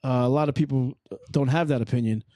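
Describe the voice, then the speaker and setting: A man's voice: mid-range voice, fast talker, mellow, dry recording, studio quality. A man with a New York accent mixing Brooklyn and Long Island, a podcast guest talking bluntly and swearing freely. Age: older. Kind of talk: casual podcast chat.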